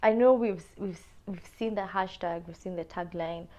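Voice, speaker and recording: A young woman with a Kenyan accent telling a personal story on a podcast, animated and casual, mixing in Swahili slang. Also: on the low side, normal speed, dull audio. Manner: animated, switches between English and Swahili slang.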